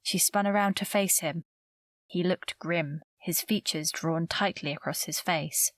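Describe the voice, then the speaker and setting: A woman narrating a romantic suspense audiobook in a measured, even storytelling manner, recorded close to the mic. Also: lowish voice, dry recording. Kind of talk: scripted narration.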